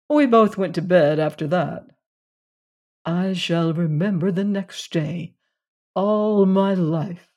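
Measured storyteller reading a classic tale. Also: mid-range voice, a little mellow. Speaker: audiobook reader. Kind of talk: first-person narration of a classic short story.

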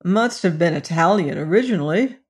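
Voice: medium pitch, lively intonation, normal speed, breathy edge. Cranky young med student read by a narrator, snaps and teases, bit raised. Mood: irritable. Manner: snappish, sly. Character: irritable, studious young male medical student.

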